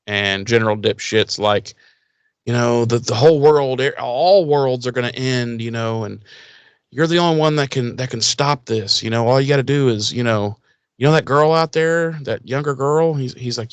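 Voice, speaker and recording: A man in a casual recap chat, sarcastic and swearing freely, slipping in quick impressions of the characters. His voice sits in a middling pitch. The recording is close and dry, with no room sound. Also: clear, resonant tone, no room sound. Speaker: podcast co-host.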